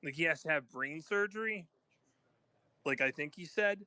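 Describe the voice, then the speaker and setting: A man's voice: on the high side, lively intonation, moderate pace, pushed and bright, dry recording. A man chatting casually on a stream, talking loosely and swearing. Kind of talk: casual chat.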